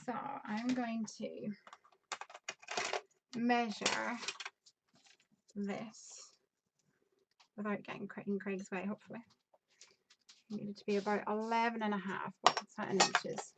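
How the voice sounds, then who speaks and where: A woman in her thirties from Northern Ireland, with a softened Northern Irish accent, hosting a crafting live stream in a casual, upbeat way, reading out viewer comments and thinking aloud while she works. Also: mid-range voice, flat delivery, measured pace, pauses often, heavy background noise. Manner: chatty and upbeat, laughs often, thinks aloud while measuring.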